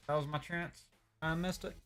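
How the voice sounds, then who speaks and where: A young man streaming a game live, chatting casually and reacting with sudden loud outbursts. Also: on the high side. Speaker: gaming streamer. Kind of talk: live gameplay commentary.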